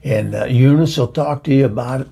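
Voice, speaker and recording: A man's voice: medium pitch, brisk, creaky, dark tone, husky. A man voicing a chatty, bawdy middle-aged woman who hosts the show and rambles through gossipy stories. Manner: rambling, gossipy, chuckling storyteller. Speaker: host introducing a music video. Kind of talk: comedic character monologue.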